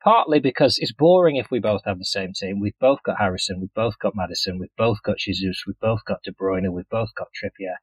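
A man's voice: lowish voice, breathy edge, dry recording, rough recording. Dry-voiced man in wry banter. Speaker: podcast co-host. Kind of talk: casual chat about fantasy football.

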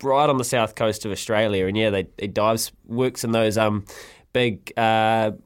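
A man hosting a radio show, telling a story in lively, laughing banter. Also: on the low side, measured pace, clean tone. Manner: animated storyteller, laughs often. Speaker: radio host.

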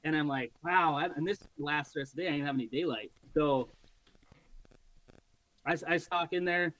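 Animated higher-voiced man telling a hunt story. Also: moderate pace, low-quality recording. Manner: animated, swears freely. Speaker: podcast guest, bowhunter. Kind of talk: casual storytelling.

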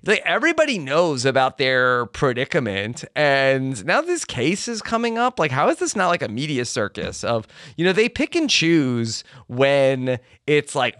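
A man's voice: normal speed, hardly any pauses, no room sound, clean studio sound. A man co-hosting a podcast, recapping a TV episode in casual, playful chat. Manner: lively, playful, bursts into high-pitched quoted lines. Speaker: podcast co-host.

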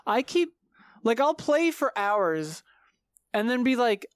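A woman guest in a casual chat, animated, quick with asides and often laughing. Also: a little high, no room sound, clean studio sound.

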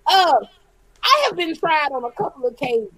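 Female co-host, high pitch, dead-dry sound, blunt storytelling banter. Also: very animated, a little fast, fairly bright tone, no room sound, rough recording. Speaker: podcast co-host. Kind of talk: casual crude banter.

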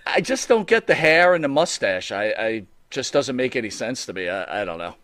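Guy hosting a podcast, bouncy pitch, bright and dry, teasing and laid back. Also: very animated, fairly quick, no room sound. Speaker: podcast host. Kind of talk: casual chat.

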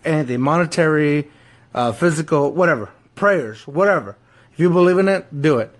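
A man in a casual chat, telling a story in an excitable way, with frequent restarts and laughs. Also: a little high, a little fast. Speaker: podcast co-host.

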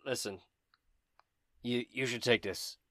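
A man voicing a gruff, remorseful male warrior companion in a tabletop game, rough and apologetic. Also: mid-range voice, fairly even intonation, slow, fairly bright tone, no room sound, clean studio sound.

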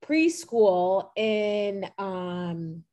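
Relaxed woman from Chicago, chatty. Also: mid-range voice, very slow. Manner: relaxed, many fillers. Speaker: podcast co-host. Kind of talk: casual chat.

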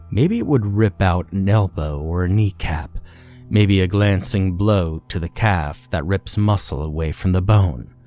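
Deep-voiced man narrating a grim horror story. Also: a little mellow. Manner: grim, profane first-person storytelling. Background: faint music.

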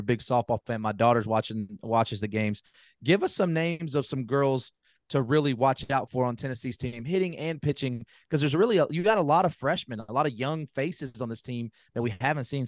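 A man's voice: medium pitch, no room sound, clean studio sound. A man hosting an interview, asking long, enthusiastic questions in a folksy, casual way. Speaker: podcast host.

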